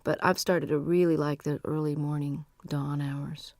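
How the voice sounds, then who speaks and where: A woman's voice: sits low, little pitch movement, normal speed, darkish tone, no room sound. A middle-aged woman musician being interviewed, talking in a chatty, rambling, frank way. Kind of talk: casual interview chat.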